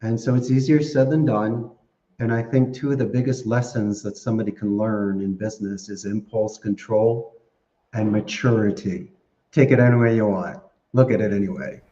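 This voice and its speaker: A man's voice: lowish voice, steady tone, moderate pace, dark tone. A man talking casually as a podcast guest, chatty and playful with words, laughing often. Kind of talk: casual interview talk. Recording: dull, roomy sound.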